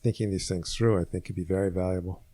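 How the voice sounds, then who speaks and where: A man with a low voice, co-hosting a casual podcast chat. He rambles a little and drops dry, wry jokes. The recording is close and dry. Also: fairly even intonation, quick pace, mellow, no room sound. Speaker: podcast co-host.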